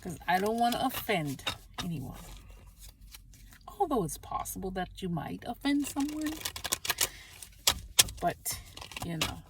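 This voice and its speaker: A woman giving a casual spiritual tarot reading, chatty and quick to laugh, stopping to pray aloud between the cards. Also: mid-range voice, sing-song, far from the mic, noisy background.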